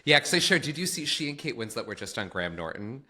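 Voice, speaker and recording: A man from Syracuse, New York, co-hosting a podcast in casual chat, gushing and quick to laugh. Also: mid-range voice, sing-song, sharp tone. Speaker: podcast co-host.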